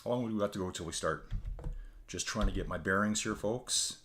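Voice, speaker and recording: Man, very low voice, tired, rambling live-stream host, chatty. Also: fairly quick, a bit bright, slight background noise. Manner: rambling, chatty, addresses viewers as folks. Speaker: livestream host. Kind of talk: casual live-stream chat. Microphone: desk mic with adjustable gain.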